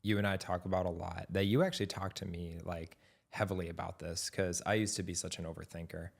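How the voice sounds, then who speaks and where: A young adult man co-hosting a podcast, talking in a reflective, measured way in casual chat. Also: sits low, steady tone, creaky. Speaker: podcast co-host.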